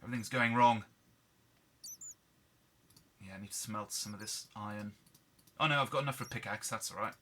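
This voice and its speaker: Subdued man, very bright timbre, candid gameplay chat. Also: lowish voice, a little fast, pauses often. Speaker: gaming video host. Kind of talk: casual gameplay commentary.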